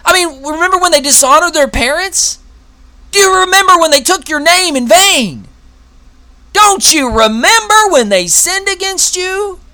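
A man's voice: medium pitch, normal speed, hardly any pauses, pushed and bright, dry recording, pitched below the performer's own voice, natural voice. A man voicing Satan as a taunting male accuser, firing needling questions in a raised, mocking voice during a sermon. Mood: accusing.

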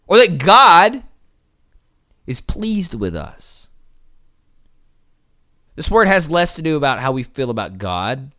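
A young man delivering a sermon, pressing hard on key words and then dropping low and quiet, stretching important words out slowly for weight. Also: no echo, clean studio sound. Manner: swings from loud emphatic peaks to low quiet passages. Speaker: preacher.

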